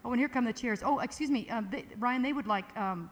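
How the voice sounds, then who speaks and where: A woman's voice: on the high side, brisk, few pauses, fairly bright tone. A chatty woman emcees a live dance evening, joking and rambling between introductions. Her voice carries a long hall reverb, with faint crowd ambience underneath. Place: large hall with audience. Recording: echoey hall with ambient noise.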